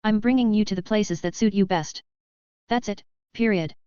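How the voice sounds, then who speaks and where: A woman's voice: mid-range voice, normal speed, mellow, clear, resonant tone, no room sound, close to an everyday voice. A woman reading the lines of a brash, wisecracking male cultivator in an audiobook, blunt and bossy in her delivery. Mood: firm. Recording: dry, slightly dull lo-fi recording.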